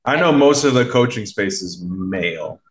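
A man with a fairly low voice chats as a podcast guest, a mindset coach who tells his story in a loose, meandering way. He leans on fillers and slips into quoted voices as he goes. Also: lively intonation, normal speed, a crowd in the background. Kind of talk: casual conversational storytelling.

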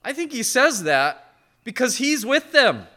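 A man preaching a sermon as pastor, earnest and conversational, swinging from hushed to emphatic. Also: extremely high pitch, very animated, a little slow. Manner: conversational asides with short laughs.

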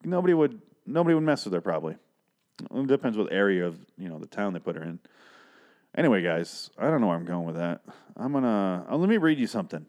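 A fast-talking man with a lowish, darkish voice and big pitch swings runs a casual solo podcast. He swears and rambles through a story recap, acting out each character.

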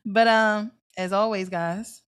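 A woman co-hosting a casual chat show. She talks in a playful, slangy way, laughing often and teasing her co-host, in a mid-pitched everyday voice. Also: steady tone, slow, smooth. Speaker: podcast co-host.

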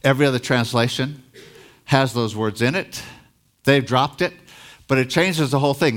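A man's voice: medium pitch, normal speed, a bit bright. A man preaching a sermon as a pastor, reading scripture aloud and explaining it, rising in force on key lines.

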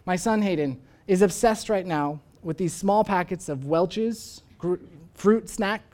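A man's voice: high voice, a little slow, darkish tone. A young man, a pastor, preaching a sermon in a conversational, storytelling way, full of casual asides. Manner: conversational storytelling, uses "like" often.

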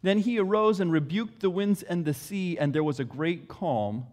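A man preaching a sermon, telling the story with expressive delivery. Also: sits high, moderate pace.

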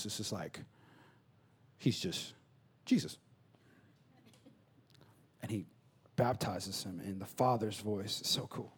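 A man preaching a conversational sermon, acting out little dialogues and swinging between loud bursts and hushed asides. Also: on the low side, slow, pauses often, slightly rough. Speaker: pastor.

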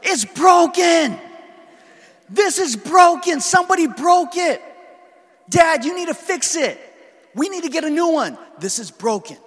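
A man voicing his furious four-year-old daughter, shouting in a high, wailing voice. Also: very animated, measured pace, big-room sound, full character voice. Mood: raging.

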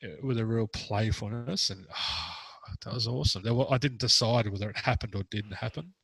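A man's voice: fairly low pitch, fairly quick, creaky, fairly bright tone, husky, no room sound, rough recording. A man who works as a therapist, chatting casually and telling a rambling story with frequent restarts. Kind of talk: casual podcast conversation.

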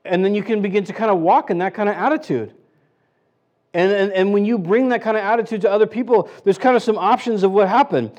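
High-voiced male pastor, chatty sermon. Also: quick pace, darkish tone, dull audio. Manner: chatty, rhetorical questions, frequent restarts. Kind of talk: conversational sermon.

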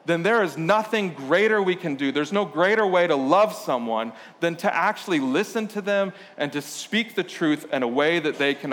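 A man's voice: a little high, fairly bright tone. A man, a pastor, preaching a sermon in a casual, conversational way with playful storytelling. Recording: long hall reverb.

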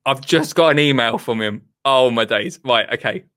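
A man hosting a podcast, chatting excitedly and gushing with exclamations. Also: medium pitch, moderate pace, dry recording, studio quality. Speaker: podcast host. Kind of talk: excited casual chat.

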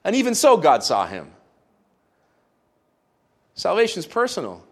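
Male preacher, slightly high voice; conversational, storytelling sermon. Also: huge pitch swings, unhurried. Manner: conversational storytelling with playful asides.

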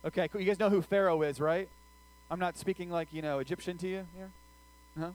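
A man's voice: sits high, steady tone, brisk, rough recording. A middle-aged man preaching a conversational sermon, asking his listeners questions as he retells a scripture story. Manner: conversational, asks the audience questions.

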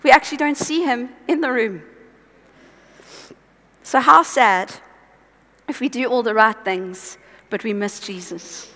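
A high-pitched woman preaches in an earnest, exhorting way, breaking into chatty asides. Her tiring voice rings out with a long echo, as if in a large church hall. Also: unhurried, pauses often, a bit bright. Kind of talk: conversational sermon.

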